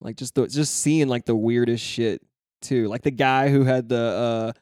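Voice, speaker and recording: A man's voice: medium pitch, fairly even intonation, normal speed, darkish tone, no room sound, clean studio sound. A young man chatting casually on a podcast, rambling, swearing and laughing often. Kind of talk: casual chat.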